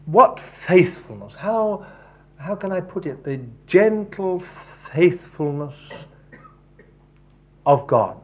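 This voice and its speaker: A man's voice: high voice, expressive, slow, long pauses. Man preaching with dramatic swings. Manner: dramatic, swings from hushed to loud emphasis. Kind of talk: sermon. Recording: dull lo-fi recording.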